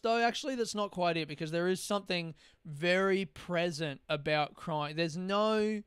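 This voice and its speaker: A man's voice: high-pitched, fairly bright tone, smooth, no echo, clean studio sound. A young man, rambling through a casual solo podcast with plenty of swearing and self-deprecating asides. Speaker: podcast host.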